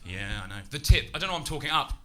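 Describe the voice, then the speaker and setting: Lincolnshire man doing lively stand-up. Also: on the high side, racing. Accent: Lincolnshire English. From England. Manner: chatty, self-mocking, with loud shouted bursts. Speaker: stand-up comedian. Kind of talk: stand-up comedy set. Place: comedy club stage with audience. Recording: live club recording with crowd noise.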